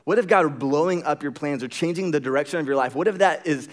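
A young adult man giving a sermon, telling a personal story in an animated way, acting out quotes and using many fillers. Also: a little high, fast talker. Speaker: pastor.

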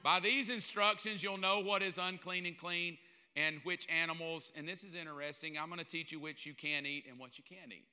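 A man preaching a sermon in an animated, joking way, often mimicking the voices of other people. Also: a little high, brisk, clear, resonant tone. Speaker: pastor. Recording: long hall reverb.

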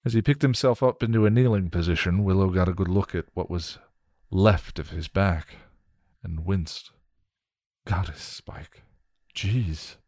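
A man reading a story aloud in a measured, steady narration. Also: low-pitched, dry recording, studio quality. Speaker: story reader.

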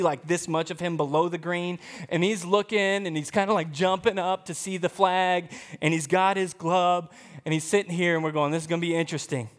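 Guy pastor preaching, kinda high voice, big hall echo, lively storytelling. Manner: storytelling, animated, emphatic. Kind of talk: sermon.

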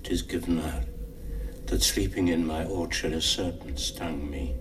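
An actor playing the ghost of a murdered king, delivering classical verse slowly and somberly, sometimes dropping to a whisper. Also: very deep voice, noisy background. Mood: grave. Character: murdered king's ghost, grave and solemn. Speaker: actor in a recorded play. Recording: distant voice over music.

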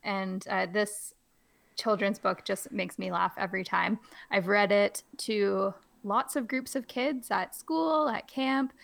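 A woman's voice: slow pace, vocal fry, fairly bright tone. A woman, a teacher on a book podcast, chatting casually and hamming up a read-aloud with big swings in her voice. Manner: hams up reading with big pitch jumps.

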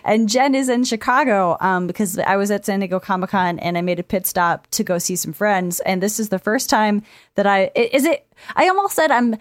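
Excitable woman podcast host, dry sound. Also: mid-range voice, fairly quick, dry recording. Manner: excitable, animated storyteller, swears freely. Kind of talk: casual podcast chat. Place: friend's apartment. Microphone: remote recording setup.

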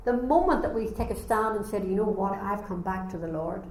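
A woman preaching a sermon, telling a story with animated delivery and acting out the voices. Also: mid-range voice, fairly quick, a little hiss or hum. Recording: echoey room, faint ambience.

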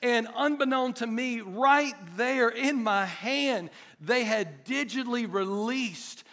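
A middle-aged man preaching a sermon to his church, animated and chatty, joking with the congregation. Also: extremely high pitch, takes it slowly. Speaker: pastor. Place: church hall.

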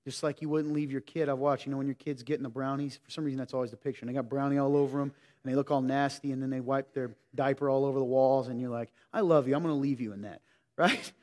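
A man preaching a sermon in a conversational way, swinging between emphatic lines and hushed ones. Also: medium pitch, little pitch movement, fast. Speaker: pastor. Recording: reverberant hall.

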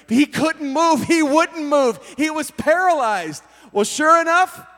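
A man preaching a storytelling sermon to young people, acting out scenes with voices and sudden loud bursts. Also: extremely high pitch, slow pace, hardly any pauses. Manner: animated, acts out scenes with voices and sudden shouts. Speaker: youth pastor. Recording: reverberant hall.

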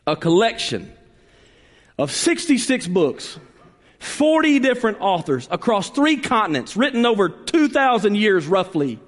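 A man preaching a sermon as pastor, swinging between emphatic calls and sudden hushed drops. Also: high-pitched. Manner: preaching with dramatic drops to a hush and rising emphasis. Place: church sanctuary. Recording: reverberant church hall.

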